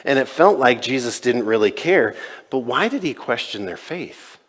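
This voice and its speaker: A man's voice: medium pitch, big pitch swings, normal speed, a bit bright, husky. A male pastor preaching a sermon in a conversational way, retelling scenes and voicing quoted dialogue. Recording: long reverb in a large church.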